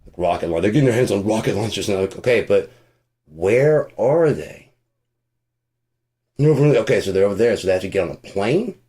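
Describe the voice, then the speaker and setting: Low-voiced man ranting, foul-mouthed and rambling. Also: expressive, brisk, warm tone. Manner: swears constantly, rambling, sarcastic. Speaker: podcast host. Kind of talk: casual profane rant.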